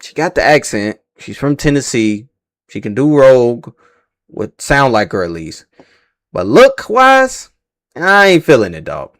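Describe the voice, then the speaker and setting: A man's voice: medium pitch, sing-song, unhurried, fairly bright tone. A man hosting a casual livestream reaction, rambling and slangy, swearing freely and stumbling over names. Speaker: livestream host reacting to casting news.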